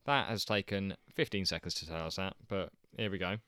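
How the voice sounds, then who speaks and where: A man's voice: sits low, fairly quick, sharp tone, clean tone, dry recording. A man co-hosting a podcast, chatting casually and chuckling often. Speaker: podcast co-host.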